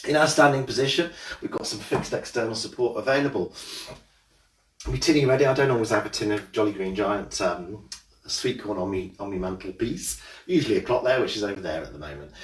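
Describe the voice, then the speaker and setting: A man runs a live exercise class from a room at home. He greets each viewer by name with light jokes, then settles into steady, clear cues for posture and movement. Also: lowish voice, roomy sound, recorded from a distance. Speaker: fitness instructor.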